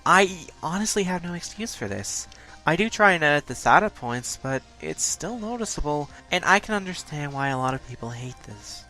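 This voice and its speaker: A man hosting a countdown video, talking fast with occasional stutters in a blunt, self-critical way. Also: on the high side, pushed and bright. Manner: talks fast, stutters at points. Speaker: YouTube countdown host. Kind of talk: scripted countdown commentary.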